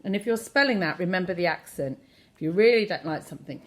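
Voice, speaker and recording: A woman teaching a children's French lesson, repeating phrases and inviting the listener to say them back with encouraging praise. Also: quick pace. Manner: very animated pitch, plays with intonation.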